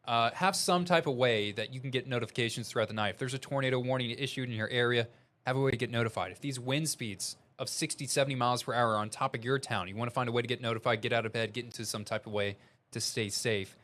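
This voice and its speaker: A young man with a slight Southern Missouri twang delivers live severe weather coverage on air. He sounds earnest and urgent and reads viewer reports straight off the screen. His pitch sits at an ordinary middle for a man. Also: quick pace, a bit bright. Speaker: meteorologist.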